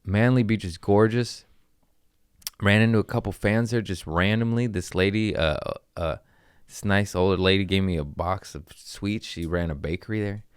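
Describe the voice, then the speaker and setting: Recorded at home with studio quality and no echo, this man's voice is on the low side, clear and resonant. He speaks at a normal speed while rambling through jokey stories as a podcast host, swearing and drifting into asides.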